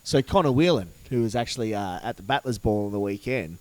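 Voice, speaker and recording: A man's voice: fairly low pitch, animated, fast, darkish tone, no echo. Laid-back man chatting. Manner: rambling, laid-back with fillers. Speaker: podcast co-host. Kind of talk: casual chat.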